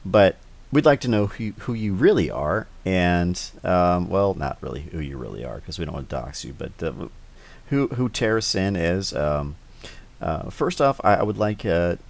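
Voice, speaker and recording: A man's voice: low-pitched, expressive, normal speed, gravelly. A man hosting a casual interview. He talks hesitantly, with many restarts and fillers. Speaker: host.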